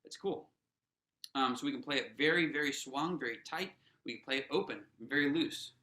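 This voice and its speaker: A man of middling pitch coaches drummers through a workshop, talking loosely with plenty of "um" and "you know" and counting the group in. His voice is bright and forward. The room around him rings with a roomy echo. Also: moderate pace, a little hiss or hum. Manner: casual, encouraging, many fillers and restarts; counts players in aloud. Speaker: snare drum instructor. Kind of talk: teaching a workshop lesson.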